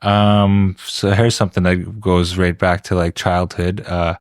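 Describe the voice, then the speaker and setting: A man's voice: low voice, level tone, measured pace, smooth, no room sound, studio quality. A man from Quebec, a guest musician in an interview, talking in a rambling way with many restarts. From Quebec, Canada. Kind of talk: casual interview chat.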